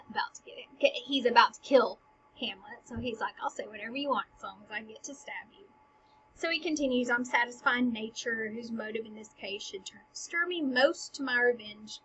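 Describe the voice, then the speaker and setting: Chatty woman, breathy and bright, lo-fi. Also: a little high. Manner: chatty, paraphrases lines in modern slang; often drops to a whisper. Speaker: teacher. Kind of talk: casual retelling of a play. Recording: dull lo-fi recording.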